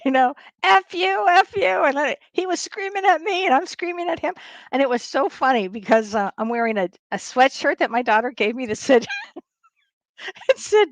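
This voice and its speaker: An older woman hosts a casual home livestream as a spiritual medium, telling stories, laughing often and rambling into restarts. Her voice is fairly high and comes through a webcam or streaming mic with a dry sound.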